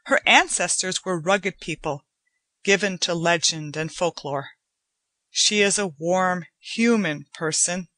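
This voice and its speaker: A woman narrating a short story in a measured, unhurried storytelling manner. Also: on the low side, a bit bright, dry recording. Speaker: audiobook narrator. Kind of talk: scripted narration.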